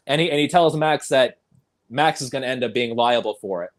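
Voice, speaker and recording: A man's voice: mid-range voice, fairly quick. A man hosting a casual film discussion podcast, eagerly recapping scenes and often laughing. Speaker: podcast host.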